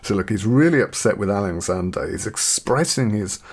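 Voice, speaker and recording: A man hosting a podcast, reading Bible verses slowly and then reflecting on them in his own words. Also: on the low side, animated, creaky, husky. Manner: reads scripture aloud slowly, then muses and paraphrases. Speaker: podcast host and Bible teacher.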